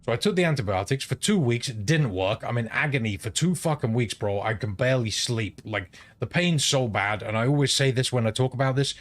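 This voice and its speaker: Swearing British streamer, rambling. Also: male voice, medium pitch, lively intonation, fairly quick, few pauses. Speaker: game streamer. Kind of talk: casual chat while gaming.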